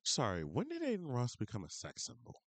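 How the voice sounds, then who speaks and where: A man's voice: medium pitch, huge pitch swings, a little fast, no room sound. A man streaming reaction commentary, ranting with profane, berating incredulity into a close mic.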